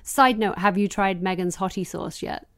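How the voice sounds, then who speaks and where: A woman co-hosting a casual podcast chat, quick and enthusiastic, often laughing. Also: medium pitch, steady tone, fairly bright tone, clear, resonant tone. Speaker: podcast co-host.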